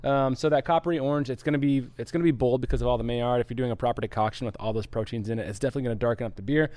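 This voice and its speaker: A man's voice: medium pitch, rapid-fire, darkish tone, dry recording. A man co-hosting a live homebrewing stream, explaining in an easygoing way and reading out viewer comments. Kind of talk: casual live-stream chat.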